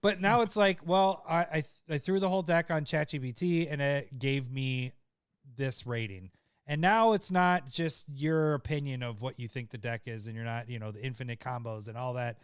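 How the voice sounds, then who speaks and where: A man co-hosting a casual podcast chat, laughing often, excitable, often trailing off mid-sentence. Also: mid-range voice, moderate pace, smooth, no echo, studio quality. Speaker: podcast co-host.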